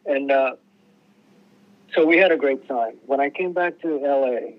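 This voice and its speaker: A man's voice: medium pitch, measured pace. Guy rambling through old tour stories, lots of restarts, kinda dull lo-fi sound. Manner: rambling, restarts a lot, acts out quoted voices. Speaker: musician guest. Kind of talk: casual storytelling interview.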